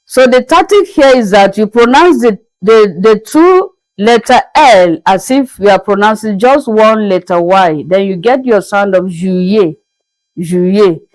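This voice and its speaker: A woman teaching a French lesson, slow and patient, spelling out each word and repeating it for her students. Her pitch sits in a middle range for a woman. The sound is dry and close, with a thin, phone-like quality. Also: darkish tone, no echo.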